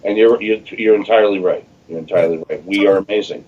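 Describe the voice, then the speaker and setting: A man phoning into a stream, his voice very low and husky. He sounds easygoing and laid-back, coming through a muffled, dull call line. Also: fast. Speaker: caller, fellow streamer. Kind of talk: casual call-in chat.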